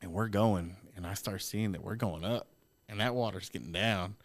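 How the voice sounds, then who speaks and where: A man on a podcast telling a story in casual, profane, animated talk with frequent laughs. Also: low-pitched, normal speed. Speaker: podcast guest.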